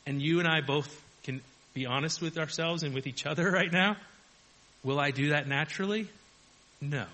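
A man's voice: fairly high pitch, normal speed, pushed and bright, low-quality recording. A man preaching a conversational sermon, chuckling often and acting out quoted voices. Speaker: pastor.

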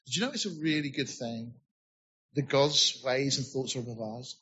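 A man's voice: mid-range voice, normal speed, bright, forceful tone, husky, highs cut off. A man preaching a sermon, earnestly explaining scripture and asking rhetorical questions.

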